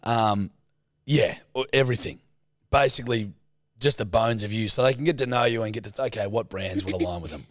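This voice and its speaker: A man's voice: fairly low pitch, a little fast, dry recording, clean studio sound. An Australian man co-hosting a podcast, chatting casually with swearing and laughter. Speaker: podcast co-host. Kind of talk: casual chat.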